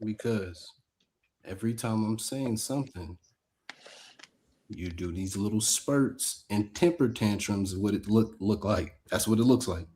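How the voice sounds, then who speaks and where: A man's voice: fairly low pitch, unhurried, warm tone. A man guesting on a live panel show, arguing bluntly and swearing freely in a heated debate.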